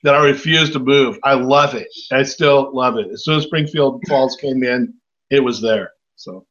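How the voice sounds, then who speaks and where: A man's voice: mid-range voice, moderate pace, fairly bright tone. A man in his sixties chatting casually as a podcast host, rambling and self-mocking. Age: 60s. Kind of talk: casual chat. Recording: dull lo-fi sound.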